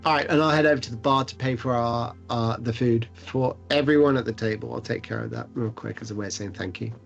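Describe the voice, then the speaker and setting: Speaking fast with vocal fry, a medium-pitched man chats casually while playing a tabletop game, describing his moves in a rambling, joking manner. Faint music sits behind the muffled, lo-fi stream audio.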